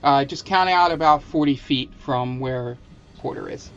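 A man's voice: mid-range voice, moderate pace, a bit bright, smooth, highs cut off. A man narrating as game master at a tabletop game, loose and rambling with many fillers.

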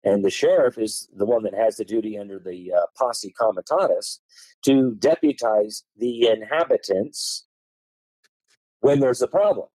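A man lays out points of law in a lively, swooping voice, leaning hard on certain words so they stand out. His tone is mellow and a little husky, and the recording is close and dry. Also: on the low side, no echo, rough recording. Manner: emphatic, hammers key words with tone changes. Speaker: guest. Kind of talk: explaining common law, reading statutes aloud.

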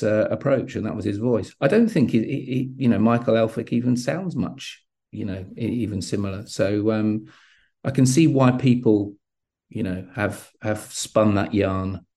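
A man, a guest actor, speaking in a measured, hesitant way with many fillers. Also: on the low side, mellow. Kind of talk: casual interview chat.

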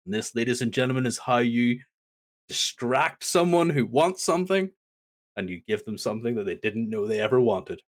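A man's voice: medium pitch, moderate pace. A man co-hosting a podcast, recapping a wrestling show in casual chat with playful asides. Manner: animated storytelling with playful asides.

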